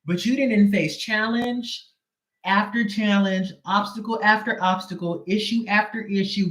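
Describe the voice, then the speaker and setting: A man's voice: high-pitched, measured pace, fairly bright tone, echoey room. A man giving a casual live tarot reading in a sassy, slangy, emphatic way. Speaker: tarot reader.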